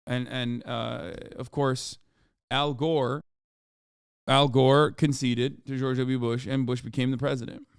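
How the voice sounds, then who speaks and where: A male streamer, talking fast and sarcastically with plenty of swearing. His voice comes through smooth and clear at a middle pitch. The sound is close and dry, with no room in it. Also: flat delivery, dry recording. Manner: profane, fast, sarcastic ranting. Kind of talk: political commentary livestream.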